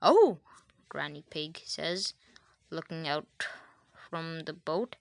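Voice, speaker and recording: A woman's voice: low-pitched, steady tone, slow, vocal fry, fairly bright tone, no echo. A woman reading a children's storybook aloud, adding chatty asides to the listener.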